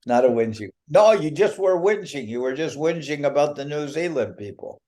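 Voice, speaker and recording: Pitched a little high, mellow yet animated, a man speaks as a spiritual teacher to devotees over a video call. His talk is chatty and joking, with playful teasing and slowly delivered punchlines.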